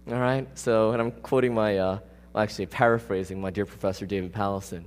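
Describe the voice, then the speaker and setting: A man's voice: fairly low pitch, steady tone, fast. Guy preaching, chatty and emphatic, keeps asking the crowd "all right?", voice ringing around a big hall. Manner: casual, emphatic, often asks the congregation questions. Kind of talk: conversational sermon. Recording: long reverb of a large hall.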